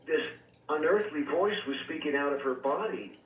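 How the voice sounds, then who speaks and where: A man who is a reverend and exorcist, calling in as a radio guest and earnestly recounting his experiences with measured pauses and fillers. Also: on the high side, expressive. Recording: tinny phone line, echoey and distant, faint hiss.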